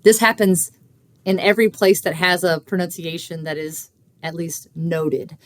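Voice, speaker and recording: A woman researcher explaining language in an interview, measured and teacherly, with frequent fillers. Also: fairly low pitch, steady tone. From Kentucky. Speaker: linguistics researcher guest.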